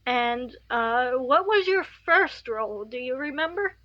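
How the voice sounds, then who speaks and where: A woman hosts a podcast, asking friendly questions slowly and with some hesitation. Her voice is high, and the recording is dry and a little dull. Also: expressive, no room sound. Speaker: podcast host. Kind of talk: casual interview.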